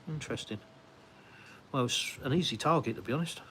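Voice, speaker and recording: An English man chats his way through a live stream, reading out viewer comments and answering them in a loose, rambling way. His voice sits at an ordinary middle pitch. He talks into a phone while strolling around outdoors, with a faint hiss behind him. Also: brisk, fairly bright tone. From United Kingdom. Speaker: livestream host. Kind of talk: casual live-stream chat. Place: outdoors at a house, walking about and onto a windy terrace.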